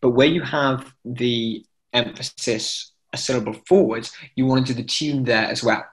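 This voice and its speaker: Male chant teacher on a video call, mid-pitched, explains patiently with fillers and sung examples. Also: moderate pace. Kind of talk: online class instruction.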